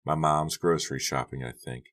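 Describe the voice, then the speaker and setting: A man voicing a quiet, low-key teenage boy in an audiobook. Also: steady tone, moderate pace. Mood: calm. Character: laid-back teenage boy, soft-spoken. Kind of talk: audiobook character voice.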